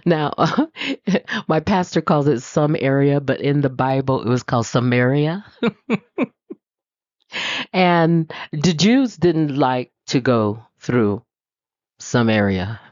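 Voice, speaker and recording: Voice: medium pitch, expressive, slow pace, long pauses, darkish tone, dry recording. Conversational preacher telling a story. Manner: conversational, asks the listeners questions, laughs easily. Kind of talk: sermon with storytelling. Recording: dull lo-fi dry recording.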